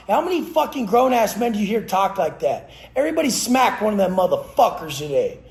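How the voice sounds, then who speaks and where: A man's voice: high voice, very animated, fairly quick, creaky, few pauses. A man who trains people for a living, giving a blunt, profane motivational rant with aggressive, preachy force. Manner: blunt, aggressive, heavy swearing. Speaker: fitness trainer. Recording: roomy echo.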